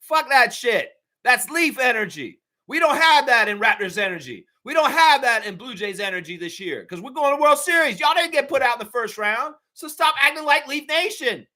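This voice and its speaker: A man's voice: extremely high pitch, normal speed, hardly any pauses. A man hosting a live fan show, ranting with lots of swearing and mocking impressions of other fans. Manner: profane, animated ranting with mocking put-on voices. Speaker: sports podcast host.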